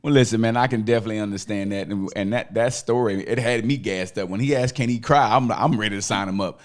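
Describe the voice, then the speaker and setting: Playful host with quick quips. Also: male voice, fairly low pitch. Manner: playful hype-man quips, street slang. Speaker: podcast host. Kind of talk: casual interview chat.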